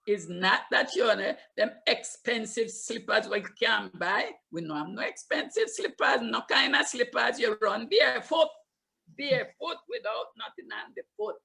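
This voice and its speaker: An older woman from Limón, Costa Rica, recalls her childhood animatedly in a Limón Creole English accent, repeating words for emphasis. Her voice is gravelly and a little high, and she speaks at a moderate pace.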